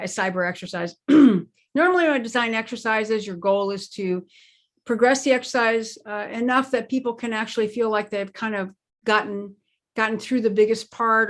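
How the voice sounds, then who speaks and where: A woman's voice: mid-range voice, a bit bright. A woman speaking as an expert interview guest, explaining her points in an emphatic conversational way and leaning on key words. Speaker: guest expert on crisis planning.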